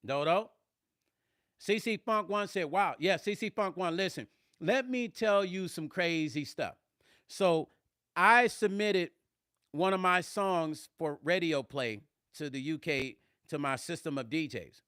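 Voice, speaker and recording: A man's voice: on the high side, measured pace, fairly bright tone, smooth, dry recording, clean studio sound. A man who is a musician, chatting on a live stream, answering viewers' comments in a blunt, emphatic way. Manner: emphatic, blunt, swears when riled. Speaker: musician and vlogger.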